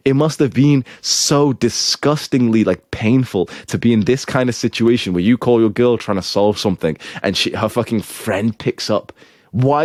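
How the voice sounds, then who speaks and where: A man's voice: mid-range voice, darkish tone, no room sound, clean studio sound. A young man giving blunt, crude, scolding relationship advice as a show host. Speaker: self-improvement advice host.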